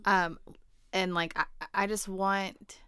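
A woman co-hosting a podcast who listens closely and answers in a quiet, supportive way. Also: mid-range voice, little pitch movement, slow, clean tone, no room sound, clean studio sound. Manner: supportive, soft-spoken listener. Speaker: podcast co-host. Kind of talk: candid conversation.

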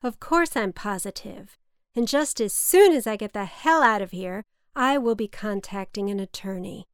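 A woman's voice: mid-range voice, animated, normal speed, smooth, no echo, clean studio sound, natural voice. A woman voicing her curt, indignant, hard-drinking mother, who swears freely and snaps back.

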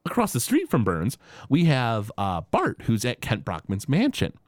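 A man's voice: medium pitch, normal speed, no echo. A man co-hosting a casual podcast, recapping a cartoon episode with many "uh" restarts and acted-out quotes. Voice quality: animated, acts out quoted characters in shifting voices. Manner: filler-heavy, frequent "uh" restarts. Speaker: podcast co-host.

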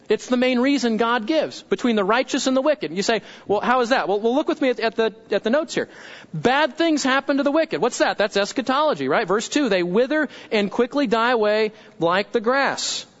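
A man's voice: extremely high pitch, fairly bright tone, muffled recording. A pastor preaching a sermon, talking in a conversational way and asking his congregation questions.

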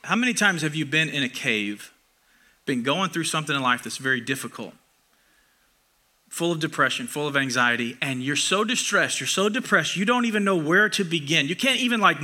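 A young man preaching with a high, very bright voice. He talks to the congregation like a friend, joking at his own expense. He swells loud on key lines, then pulls back soft and intimate. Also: lively intonation, a little fast. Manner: conversational, self-deprecating, swells loud for emphasis then drops soft. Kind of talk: sermon.

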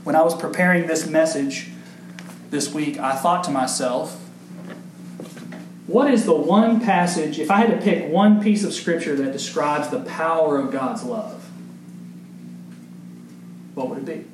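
A man's voice: fairly high pitch, a little slow, pauses often. A man preaching a sermon to his congregation as pastor, with emphatic rises and questions thrown to the room. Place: church sanctuary. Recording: echoey church room with faint background noise.

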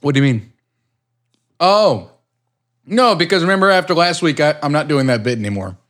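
A man co-hosting a casual podcast, jokey and quick to slip into goofy voices. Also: a little high, lively intonation, a bit bright. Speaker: podcast co-host.

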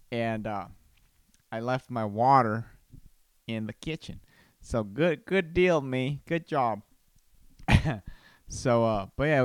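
A man's voice: mid-range voice, clear, resonant tone, no echo. A man hosting a casual solo podcast from home, rambling and playful, breaking into silly voices and exclamations. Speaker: podcast host, comedian. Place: home room. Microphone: studio microphone.

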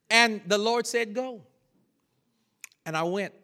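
A man preaching a lively sermon, telling a story with laughter and sudden shouted bursts. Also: extremely high pitch. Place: church sanctuary.

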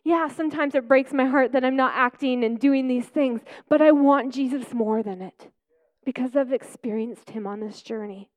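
A woman pastor preaching a personal testimony, telling stories with lively acted-out quotes and easy laughs. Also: high-pitched, moderate pace. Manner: animated storytelling, acting out quotes.

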